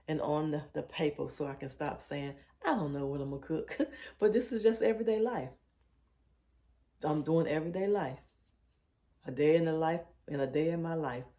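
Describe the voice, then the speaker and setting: A woman in her sixties with a soft, low way of talking, chatting casually as she cooks in her home kitchen, recorded on a phone. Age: 60s. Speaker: cooking vlogger. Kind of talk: casual chat while cooking.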